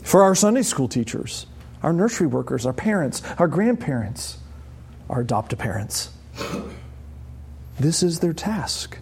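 A man's voice: on the high side, very animated, unhurried, pauses often, a little mellow, slight background noise. A man preaching a sermon as a pastor, conversational and emphatic, asking the congregation rhetorical questions. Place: church.

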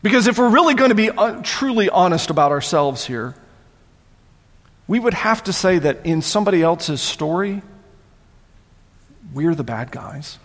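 A man preaching a sermon as pastor, conversational and animated, often repeating words as he goes. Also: sits high, moderate pace, pauses often, in a large hall.

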